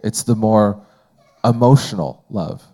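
A man's voice: fairly low pitch, unhurried, warm tone. A man teaching a Bible study in a conversational way, asking the group questions and often using fillers.

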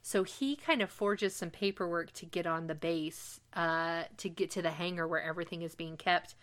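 A woman with a rather low, bright and forceful voice, talking casually as a podcast co-host. She retells a story at a quick, animated clip, full of enthusiasm. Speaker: podcast co-host recapping a TV episode. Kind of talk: casual chat.

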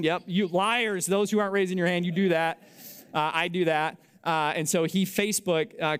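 A young adult man, a pastor, telling a story in a sermon with animated, self-mocking delivery and acted-out dialogue. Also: on the high side, clean tone.

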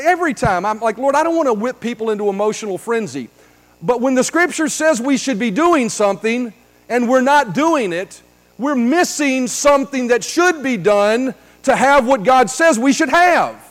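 A man preaching a sermon as pastor, swinging from hushed asides to shouts. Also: very high-pitched, lively intonation, fairly quick. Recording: long hall reverb.

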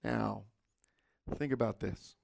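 A middle-aged man preaching a sermon, telling stories expressively and dropping into soft asides. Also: on the low side, steady tone, slow, creaky, slight background noise. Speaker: pastor.

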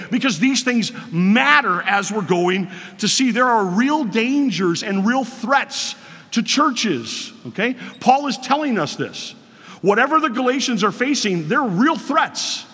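A man's voice: sits high, bright, forceful tone, husky, in a large hall. A man preaching a sermon to his congregation as pastor, earnest and emphatic, speaking straight to the listeners.

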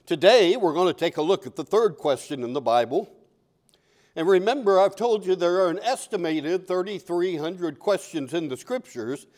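A man's voice: high voice, expressive, normal speed, darkish tone. An older man preaching a sermon as pastor, conversational and repeating key phrases.

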